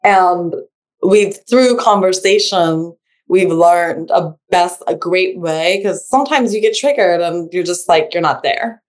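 A woman speaking in casual conversation as a guest, halting and filling her speech with "like" and restarts. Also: on the low side.

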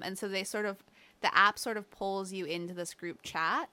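A woman's voice: mid-range voice, moderate pace, sharp tone, a little hiss or hum. A woman chatting casually, telling rambling stories full of fillers and quoted lines. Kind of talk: casual chat.

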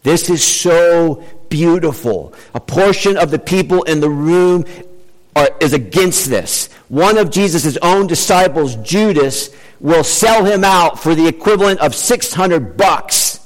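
A man preaching a sermon in an animated, emphatic way, changing his pace for effect. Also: fairly high pitch, measured pace. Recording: long hall reverb.

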